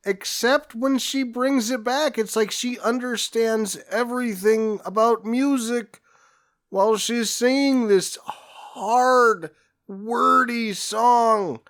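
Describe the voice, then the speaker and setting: Slow-talking man sharing movie trivia. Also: very high-pitched, fairly bright tone. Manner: trivia-sharing, admiring, dry jokes. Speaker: podcast co-host. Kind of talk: casual comedic movie chat.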